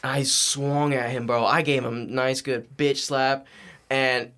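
A young man, a podcast guest, telling a story in a casual, animated, slangy and profane way. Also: mid-range voice, a little slow.

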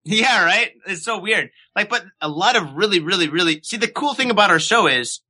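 Chill guy podcast host, swears a lot, real bright tone. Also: sits high, expressive, fairly quick. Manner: laid-back, swears often. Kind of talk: casual chat. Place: lives in Japan.

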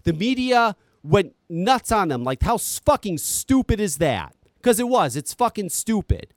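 A man's voice: sits high, sing-song, a little slow, dry recording. Man, podcast rant, profane, exasperated, dry close sound. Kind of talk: heated podcast commentary.

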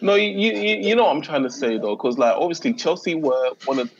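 A man's voice: a little high, expressive, a little fast, lo-fi sound, background noise. A man on a casual football podcast who asks questions in a hesitant, probing way and stumbles over his wording. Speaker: podcast panelist.

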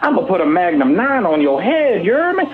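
A man's voice: sits high, very animated, brisk. A man voicing a boastful, rambling streetwise rapper who ends almost every line with "you hear me" and "dawg", in an improvised radio comedy bit. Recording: muffled radio broadcast.

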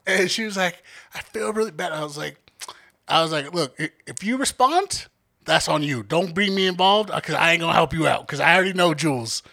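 A young man co-hosting a podcast, his voice high and bright with a gravelly edge. He tells stories with a lively, swooping pitch, in a joking, laid-back way. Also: fairly quick. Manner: joking, laid-back storytelling with quoted asides. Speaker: podcast co-host. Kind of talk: casual chat.

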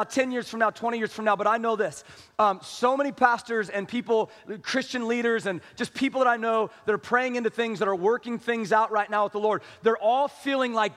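High-pitched middle-aged guy preaching, lots of "amen?" and asking the room stuff, big echoey church hall. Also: a bit bright. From small-town upbringing. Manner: impassioned, conversational preaching with rhetorical questions. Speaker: pastor. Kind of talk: sermon.

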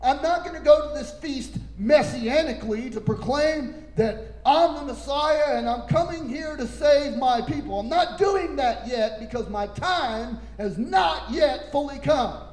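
Male preacher, high voice, slow deliberate delivery, impassioned sermon in an echoey room. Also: lively intonation. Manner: impassioned, building to shouting.

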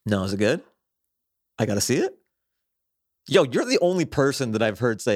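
A man, a comedian guest on a podcast, talking in relaxed, wry, casual banter. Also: mid-range voice, normal speed, dry recording, studio quality.

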